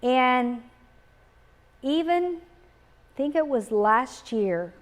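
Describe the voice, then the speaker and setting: A woman's voice: high voice, animated. Earnest middle-aged woman on grief. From Texas. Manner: earnest, reflective, with pauses and repeated phrases. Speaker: speaker on grief. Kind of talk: gentle spoken talk on grief. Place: live talk in a community setting.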